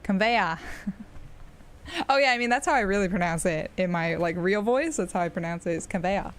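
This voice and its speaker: A woman's voice: medium pitch, animated, normal speed, pauses often. A woman with an American accent chatting casually on a live stream while gaming, rambling and laughing often.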